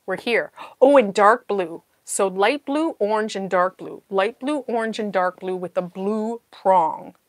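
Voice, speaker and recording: A woman's voice: mid-range voice, no echo. A woman hosting a casual live-stream puzzle chat, talking to herself as she searches and laughing often. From New Zealand. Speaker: puzzle channel host.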